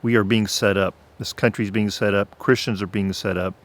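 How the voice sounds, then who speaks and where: A man telling his faith testimony on his own channel in an earnest way, clearing his throat at times. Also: lowish voice, steady tone. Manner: slow, earnest, preacher-like. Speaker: channel host.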